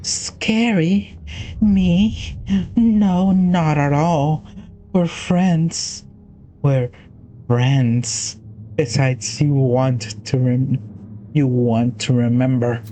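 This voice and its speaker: A man's voice: fairly high pitch, fairly even intonation, warm tone, slight background noise. A man voicing a creepy unseen presence that claims to be a best friend, drawing out every word in a coaxing way. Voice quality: slow, drawn-out, coaxing.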